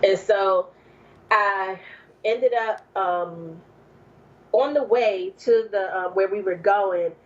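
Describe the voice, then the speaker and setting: Brief: woman guest, from New Jersey, lively storyteller full of "um" and "like", slightly muffled recording. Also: mid-range voice, takes it slowly. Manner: animated, acts out quoted speech, many fillers. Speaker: podcast guest. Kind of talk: personal storytelling.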